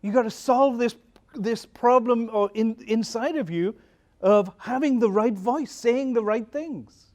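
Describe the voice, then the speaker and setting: In a conference hall, a pastor gives a conversational talk, telling stories and putting questions to the audience. His voice is extremely high-pitched with a darkish tone, and he speaks at a measured pace.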